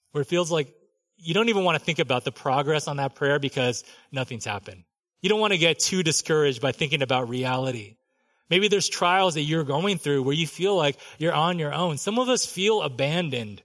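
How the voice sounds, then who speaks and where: A man's voice: on the high side, a bit bright. A young adult man preaching a sermon as pastor, conversational, with playful asides and repeated questions to the congregation.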